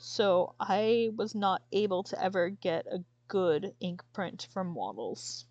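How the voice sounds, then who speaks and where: A woman streamer chatting casually and haltingly, sometimes tearful and apologizing. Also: medium pitch, a little mellow, no room sound, dull audio. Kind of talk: casual chat while showing a sketchbook.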